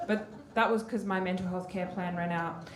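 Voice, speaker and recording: A woman's voice: on the low side, steady tone, normal speed. Young woman comic, brash and self-deprecating, echoey noisy room. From Western Australia. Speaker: stand-up comedian. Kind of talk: stand-up set. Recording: echoey club with background noise.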